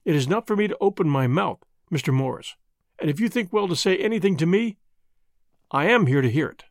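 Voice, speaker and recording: A man's voice: fairly high pitch, expressive, fairly quick, dry recording, clean studio sound. A man doing a stern, guarded young newcomer. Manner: stern, cautious.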